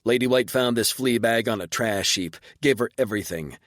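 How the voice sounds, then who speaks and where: A man's voice: medium pitch, normal speed, no echo, voice pushed up, natural voice. Brief: young male servant, level and cool, dry close read; male narrator. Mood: calm. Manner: calm, matter-of-fact.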